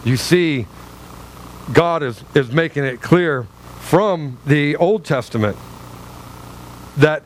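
A man's voice: on the high side, animated, slow, long pauses, slight background noise, rough recording. A man preaching a sermon in a conversational, fervent way, often calling his listeners guys.

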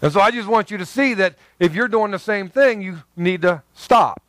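A man's voice: sits high, moderate pace, fairly bright tone, dry recording. A man preaching a sermon as a pastor, conversational and emphatic, often repeating himself and adding joking asides.

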